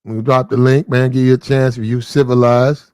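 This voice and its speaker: A man's voice: medium pitch, flat delivery, a little fast, darkish tone, smooth, dry recording, studio quality. A man hosting casual opinion commentary, preachy and repetitive, talking straight to the people he discusses. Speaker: commentary channel host.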